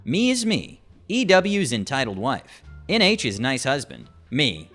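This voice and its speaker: Bright, animated male narrator reading stories over soft music. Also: mid-range voice, unhurried. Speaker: story narrator. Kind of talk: reading online stories aloud.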